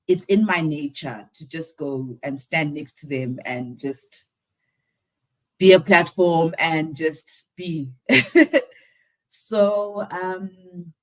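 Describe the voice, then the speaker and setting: A woman hosting a live stream in casual talk, halting and teary, often sighing and pausing. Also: lowish voice, poor audio. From South Africa. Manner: halting, with many sighs and pauses. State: teary, close to crying.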